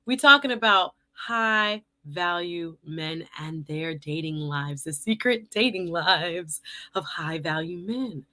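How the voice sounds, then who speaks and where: A woman's voice: fairly low pitch, expressive, takes it slowly, pushed and bright. A woman hosting a casual live-stream talk show, chatty, laughing often and speaking to her viewers as y'all. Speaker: host.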